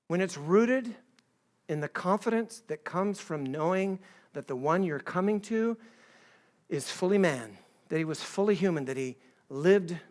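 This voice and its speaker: High-voiced middle-aged man preaching. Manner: conversational, acts out quoted voices, swings between soft and emphatic. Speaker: pastor. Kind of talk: sermon.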